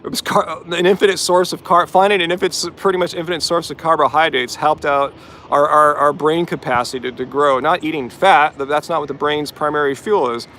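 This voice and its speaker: A man's voice: fairly high pitch, steady tone, fairly quick, pushed and bright, a little hiss or hum. A man hosting a live vegan Q&A after a run, talking at length and firmly rebutting commenters' questions. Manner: talkative, pointed, rebutting commenters. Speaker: vegan channel host answering live chat questions. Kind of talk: live-stream Q&A.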